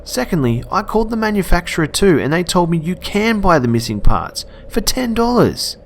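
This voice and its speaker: A man voicing a frightened, indignant young woman in a storybook reading, in a high, loud, insistent voice, with an Australian accent. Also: big pitch swings, moderate pace, slight background noise.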